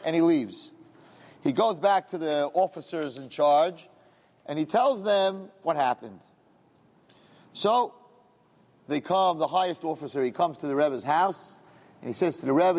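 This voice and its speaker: A man teaching a class as a rabbi, telling a story in an animated, repetitive storytelling manner. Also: fairly high pitch, measured pace, long pauses. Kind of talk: storytelling lecture. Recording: long hall reverb.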